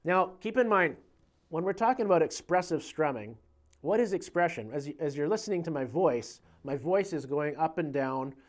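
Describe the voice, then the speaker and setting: A man giving a casual guitar lesson in a relaxed, conversational way, counting beats aloud as he explains. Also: on the high side, normal speed. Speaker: guitar teacher. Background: guitar playing.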